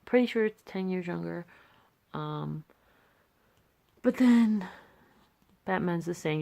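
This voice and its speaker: British young woman vlogger, low-ish voice with vocal fry, rambling and self-deprecating. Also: animated, slow pace, long pauses, warm tone. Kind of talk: casual sketchbook walkthrough.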